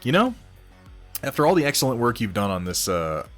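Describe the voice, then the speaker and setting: A slightly hoarse man hosting a casual hobby livestream, reading viewer posts and chatting with mild swearing. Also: medium pitch, very animated, fairly quick, a bit bright, faint music behind. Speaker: host of a miniature painting stream.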